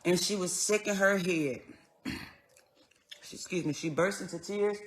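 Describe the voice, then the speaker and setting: A woman telling a personal story in an earnest, conversational way, going soft and then raised as she relives moments. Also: on the low side, a little slow. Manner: earnest, conversational, swings between quiet and raised when retelling. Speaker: vlogger.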